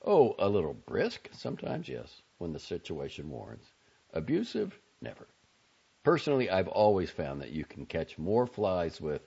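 Teasing outspoken young man in a gravelly low audiobook voice, read by a man, lo-fi. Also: wildly swooping pitch, normal speed, dark tone, full character voice. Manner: wry, drawling, sardonic. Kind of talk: audiobook character voice. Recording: dull lo-fi audio.

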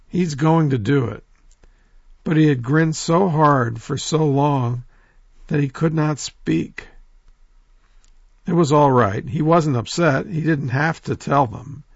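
Gravelly male folk-tale storyteller. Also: fairly high pitch, no echo, dull audio. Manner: lively, animated, addresses listeners directly.

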